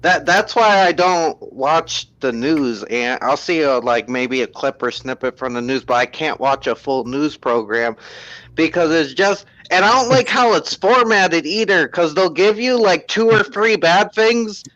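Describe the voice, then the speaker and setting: A man with a notably high voice rants casually and mimics how newsreaders talk, swearing along the way. The sound is dry and a bit muffled, like a cheap mic. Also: expressive, unhurried, fairly bright tone, no echo. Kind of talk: casual stream chat.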